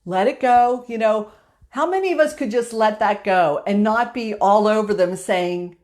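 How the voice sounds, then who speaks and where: A woman's voice: mid-range voice, animated, moderate pace, a little mellow. A woman hosting a motivational live stream, telling a story in a chatty way with filler words. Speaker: host.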